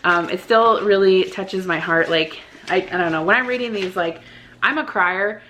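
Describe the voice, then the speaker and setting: A woman's voice: medium pitch, moderate pace, a bit bright, a little hiss or hum. A woman in her thirties, a vlogger reading out viewer cards in a chatty, giggly way that rambles and restarts.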